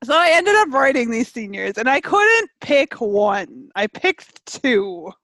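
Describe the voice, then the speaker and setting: A woman's voice: on the high side, sing-song, takes it slowly, a bit bright, dry recording. A woman chatting casually on a podcast, giggly and full of "like". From Canada. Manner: chatty, giggly, lots of "like" and laughs. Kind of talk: casual chat.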